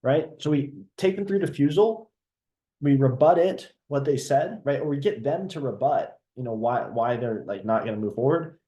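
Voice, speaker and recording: A man leading a live online sales training. He talks with energy, keeps checking in with the audience and acts out sales calls to show how they go. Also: mid-range voice. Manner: energetic, repeats "right?" often, role-plays sales calls.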